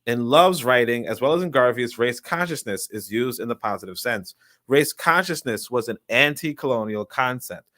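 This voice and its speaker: Guy reading a book out loud on his channel, stumbles and fixes words, chatty asides, mid pitch, dry close sound. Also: animated, dry recording. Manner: halting, self-correcting, chatty asides. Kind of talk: casual live reading with asides.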